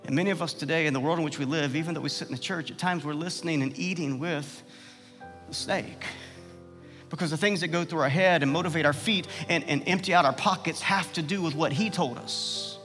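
A man's voice: a little fast, a bit bright, big-room sound, faint music behind. A man preaching a sermon with passion, asking the listeners questions and letting his voice swell at key points. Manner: passionate, rhetorical questions, swells in pitch and volume. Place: church sanctuary.

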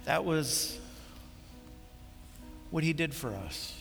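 With faint music beneath him and a long reverb from the large hall, a pastor preaches slowly and animatedly in a fairly high voice touched with vocal fry. His bright, forceful, impassioned delivery climbs to emphatic peaks before falling quiet.

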